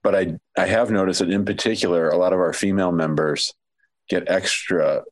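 Low nasal guy w a slight lisp, s's kinda whistle, chill podcast chat. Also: steady tone, fairly quick. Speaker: podcast co-host.

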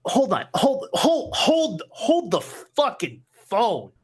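A woman voicing a panicked, brash male underling boss who swears in a high, excited voice. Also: slow pace, husky, exaggerated voice. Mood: flustered.

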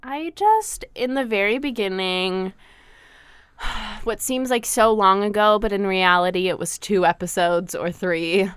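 A young woman co-hosting a casual gossip podcast in a campus studio, teasing and quick to laugh. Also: mid-range voice, smooth, no room sound. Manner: animated, teasing, laughs often. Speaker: podcast co-host.

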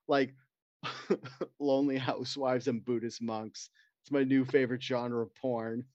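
A man chatting on a podcast, cracking crude jokes and riffing through silly stories. His voice sits at a middle pitch. The recording is dry and a little dull and lo-fi. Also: little pitch movement, a little slow, a little mellow, no room sound. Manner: crude, joking storyteller who puts on voices. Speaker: podcast co-host. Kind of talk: casual podcast banter.

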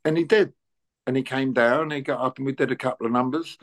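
A man's voice: mid-range voice, fairly even intonation, a little fast. Chatty older man telling stories. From England. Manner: chatty, anecdotal, plays out dialogue in quoted voices. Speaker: interview guest, musician. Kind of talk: relaxed conversational storytelling.

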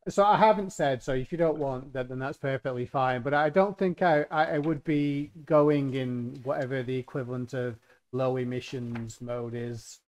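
A man's voice: mid-range voice, normal speed, a little mellow. Jokey man playing a tabletop game. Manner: rambling, jokey, thinking aloud. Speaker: player. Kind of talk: casual tabletop play.

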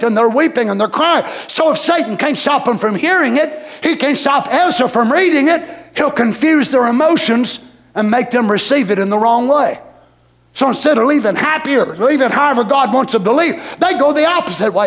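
High-voiced preacher man. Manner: preaching with emphatic repetition and bursts of shouting. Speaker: pastor. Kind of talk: sermon.

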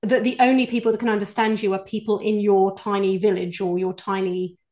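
A woman's voice: mid-range voice, flat delivery, fairly quick, a little mellow. A British woman, a voice coach, answering interview questions in an earnest, explanatory way. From United Kingdom. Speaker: executive voice coach, guest.

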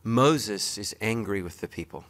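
A man's voice: lowish voice, expressive, a little slow, fairly bright tone. A man preaching a sermon as pastor, speaking straight to his congregation with emphatic, joking asides.

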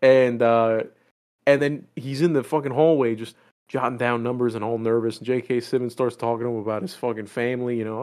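Male podcast co-host, medium pitch, profane, gets loud acting out scenes. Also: brisk. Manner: profane, excitable storytelling. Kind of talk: casual chat, retelling a film.

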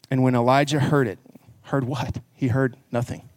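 A man's voice: medium pitch, flat delivery, normal speed, a little mellow, no room sound, clean studio sound. Earnest man preaching a sermon. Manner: earnest, conversational preaching that rises into emphatic passages. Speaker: pastor. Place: church.

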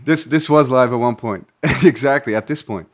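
A man's voice: medium pitch, moderate pace. A man hosting a podcast, chatting casually with an old friend in a loose, rambling way. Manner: loose, rambling, stops and restarts. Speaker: podcast host. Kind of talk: casual chat.

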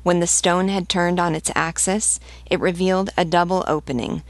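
A woman, a literature teacher, reading a novel aloud in a measured, steady way. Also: low voice, no echo.

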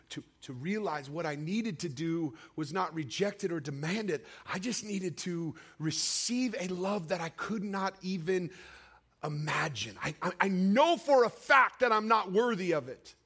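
A man preaching a sermon, telling a personal story with emotional swings between raised cries and hushed, quiet passages. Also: lively intonation, unhurried, breathy edge. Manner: emotional storytelling with sweeping highs and hushed lows.

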